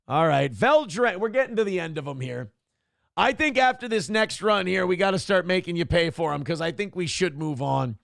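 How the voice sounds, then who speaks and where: A man hosting a live show, reading viewer messages aloud in a raised voice, then dropping into low, wry asides. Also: animated, normal speed, vocal fry, fairly bright tone, slight background noise. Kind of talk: casual live-stream chat.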